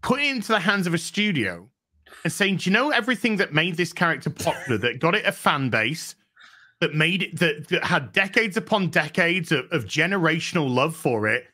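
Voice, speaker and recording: A woman's voice: fairly low pitch, lively intonation, brisk, pushed and bright. A woman co-hosting a casual podcast chat who asks questions and restarts her sentences often.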